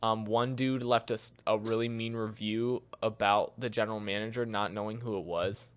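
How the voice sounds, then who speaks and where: A man's voice: lowish voice, fairly even intonation, moderate pace, clear, resonant tone. Young man telling retail stories casually. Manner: storytelling, acts out both sides of conversations. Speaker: podcast co-host. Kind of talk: casual chat.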